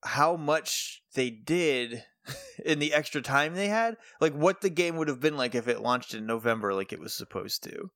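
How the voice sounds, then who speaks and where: A man co-hosting a podcast in casual chat, relaxed and quick to laugh. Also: fairly high pitch, no echo, clean studio sound. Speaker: podcast co-host.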